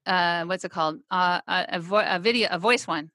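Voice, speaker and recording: A woman's voice: mid-range voice, fairly quick, hardly any pauses, sharp tone, no room sound. A woman co-hosting a casual chat, hesitant and searching for words, with many fillers.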